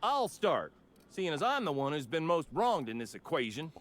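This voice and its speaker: A man's voice: a little high, sing-song, normal speed, a bit bright. An actor voicing a petty, hotheaded male junk salvager in a video game, with a whiny, indignant manner. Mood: blustering.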